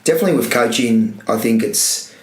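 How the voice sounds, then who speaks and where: A man's voice: medium pitch, brisk. A young man, a running coach, chatting casually on a podcast in a loose, rambling, self-correcting way. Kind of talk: casual chat. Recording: echoey room.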